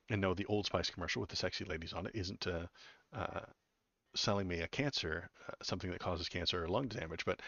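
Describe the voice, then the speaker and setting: A man with a very low voice hosts a political livestream, reading headlines aloud and poking at them with sarcastic asides. He rambles and restarts his sentences often. The sound is dull and lo-fi, in a dry, dead room. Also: a bit bright, dry recording. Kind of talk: casual commentary reading news aloud.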